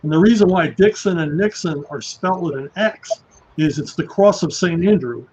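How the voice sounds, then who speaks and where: A man's voice: on the high side, normal speed, background noise. A man joining a casual online talk show as a guest, explaining history in short, matter-of-fact statements. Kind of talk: casual chat.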